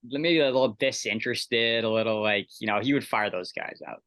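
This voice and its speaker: A man's voice: on the low side, brisk, fairly bright tone, dry recording. A man co-hosting a podcast, chatting casually about sports in easygoing banter with rambling restarts. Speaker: podcast co-host.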